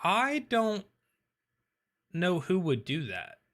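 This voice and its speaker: Bright-voiced man reading live chat. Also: sits high, slow pace. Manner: relaxed, thinking aloud with many ums and uhs. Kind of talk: casual live-stream chat.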